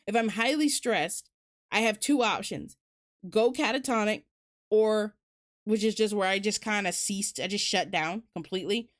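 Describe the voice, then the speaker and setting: A woman's voice: mid-range voice, normal speed. Candid, rambling woman streamer. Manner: rambling and candid, with many fillers and casual swearing. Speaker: streamer hosting a book talk. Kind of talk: casual chat.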